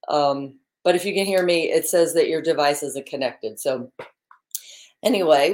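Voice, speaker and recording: A woman's voice: low voice, normal speed, darkish tone. A woman co-hosting a morning live stream in a bubbly, chatty way, laughing often, talking into a laptop microphone. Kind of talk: casual live-stream chat.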